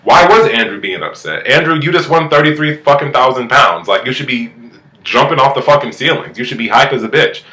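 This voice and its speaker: A man rattles through a reality TV recap in a bright, forceful voice, sassy and full of swearing. His voice bounces around an echoey room. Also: mid-range voice, a little fast. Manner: profane, animated, sassy. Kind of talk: casual recap commentary.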